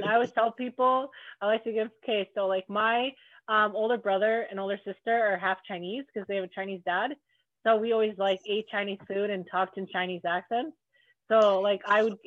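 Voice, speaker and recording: A woman's voice: medium pitch, normal speed, dry recording. A woman chatting casually, loose in her speech, swearing and laughing as she talks. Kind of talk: casual chat. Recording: dry, phone-like line.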